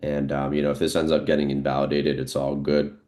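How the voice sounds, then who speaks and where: His pitch is extremely low and he talks fairly quickly. He's a trading streamer doing improvised live commentary on the markets, relaxed and thinking aloud with many fillers.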